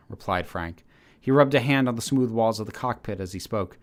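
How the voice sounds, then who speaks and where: Low-voiced man narrating a story. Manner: steady, measured reading with occasional restarts. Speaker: channel host reading his story. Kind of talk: audiobook-style story narration.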